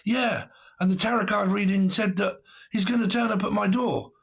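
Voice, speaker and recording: A man putting on the voice of a frantic, panicky woman who is obsessed with tarot readings, talking in a shrill, breathless way. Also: steady tone, moderate pace, creaky, breathy edge, full character voice.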